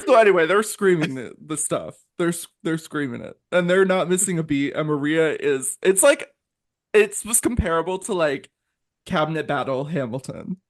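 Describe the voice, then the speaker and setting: A young man co-hosting a pop music podcast, telling a story in a lively, animated way with big swings in pitch. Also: moderate pace. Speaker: podcast co-host. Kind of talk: casual chat.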